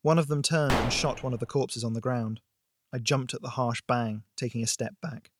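A man narrating a thriller audiobook in a steady, expressive storytelling voice. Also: mid-range voice, normal speed, background noise.

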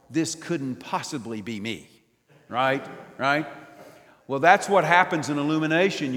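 An older man preaching a sermon in a church, swinging from loud emphatic lines down to near whispers. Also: mid-range voice, big-room sound. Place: church nave.

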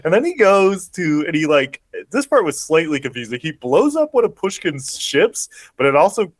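A man's voice: a little high, very animated, moderate pace, no room sound. A man co-hosting a podcast, casually retelling a movie plot with lots of fillers and small laughs. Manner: rambling, many fillers, laughs while retelling. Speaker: podcast co-host. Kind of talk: casual movie recap chat.

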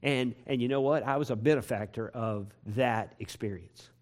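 A pastor preaching a sermon to his congregation in a church, repeating phrases and building to loud, emphatic peaks. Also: medium pitch, moderate pace. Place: church sanctuary.

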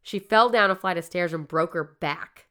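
A woman with a lower-pitched voice hosts a podcast, chatting casually. She retells stories loosely, swearing freely and leaning on "like". Her tone comes through smooth and clear. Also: normal speed, a bit bright. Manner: loose, profane, lots of "like". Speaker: podcast host. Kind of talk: casual chat, retelling a story.

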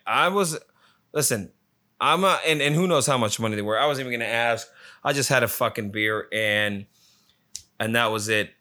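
A man's voice: mid-range voice, moderate pace, pushed and bright. A man telling a rambling, profanity-filled travel story in a casual, exasperated way. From lives in Phoenix area. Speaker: storyteller recounting a trip.

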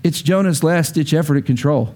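A male pastor preaching a sermon, telling stories with animated voices for the people in them. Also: on the high side, brisk. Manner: animated storytelling with acted quotes.

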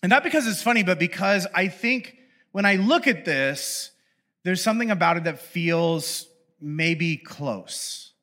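A man's voice: sits high, expressive, measured pace, bright, forceful tone. A young adult man giving a casual, humorous sermon as pastor. He is chatty and playful and often interrupts himself.

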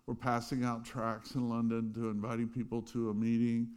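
A middle-aged man preaching a sermon, telling stories with loud bursts and quiet asides. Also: medium pitch, normal speed, clean tone. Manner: animated storytelling, swings between loud bursts and quiet asides. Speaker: pastor.

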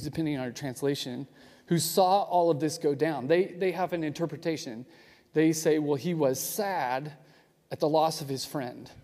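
A man preaching with a fairly high yet mellow, warm tone. He explains in a relaxed, conversational way and adds asides. His voice rings with the long reverb of a big hall. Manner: casual, explanatory, with frequent asides. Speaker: pastor. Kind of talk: conversational sermon.

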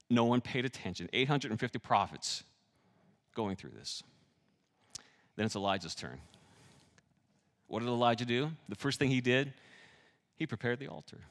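Animated male preacher in a reverberant hall. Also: mid-range voice. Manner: animated, swings between loud and hushed; jokes with the audience. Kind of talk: sermon.

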